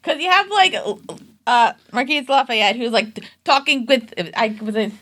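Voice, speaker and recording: A woman's voice: fairly high pitch, expressive, unhurried, fairly bright tone. A young woman co-hosting a podcast, chatting casually with a lot of "like" in her speech. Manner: chatty, heavy use of "like". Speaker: podcast co-host. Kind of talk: casual anime reaction chat.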